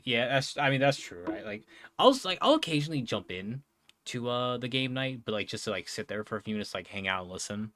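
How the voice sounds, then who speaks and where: A man's voice: mid-range voice, very animated, fast, bright, forceful tone, no echo, clean studio sound. A young man chatting casually on a live stream, rambling with lots of fillers, swearing and frequent laughs. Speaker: streamer and podcast host.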